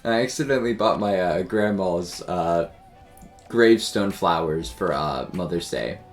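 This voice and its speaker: Rambling young man with a lowish voice. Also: animated, measured pace, soft background music. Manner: rambling, filler-heavy, self-deprecating. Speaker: game streamer. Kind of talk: casual storytelling while streaming.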